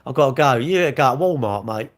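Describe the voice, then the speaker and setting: A man's voice: medium pitch, lively intonation, fast talker. Cheeky guy on stream. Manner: rambling, cheeky banter, swearing. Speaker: live streamer. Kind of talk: casual live-stream chat with viewers.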